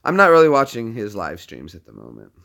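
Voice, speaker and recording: A man's voice: medium pitch, huge pitch swings, fairly quick, creaky, a bit bright. A man hosting a casual livestream from his phone, rambling and often restarting his sentences. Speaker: livestream host.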